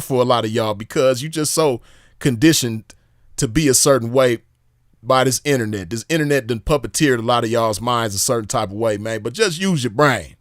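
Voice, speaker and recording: Fired-up commentator, mid-pitched man, repetitive and profane, dry close sound. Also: fairly quick, fairly bright tone, no room sound. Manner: emphatic, repetitive, profane, rhetorical questions. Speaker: commentator reviewing drama. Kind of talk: casual commentary vlog.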